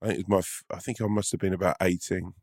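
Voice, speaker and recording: A man's voice: low-pitched, fairly even intonation, very fast, darkish tone, no room sound, clean studio sound. A man co-hosting a casual podcast chat, telling stories with plenty of swearing and laughter. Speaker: podcast co-host.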